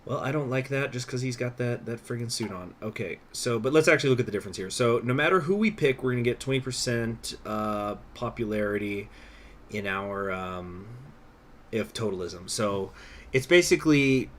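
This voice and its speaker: A man's voice: mid-range voice, normal speed. A young man live-streaming a strategy game, rambling casually with lots of fillers and swearing.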